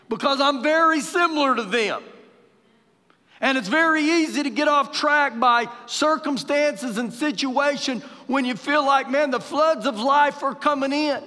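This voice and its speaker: Bright-voiced Texan pastor preaching. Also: male voice, extremely high pitch, normal speed. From Texas. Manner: animated preacher, raising his voice for quoted lines. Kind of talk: sermon. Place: church sanctuary during live service. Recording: live hall with long reverb.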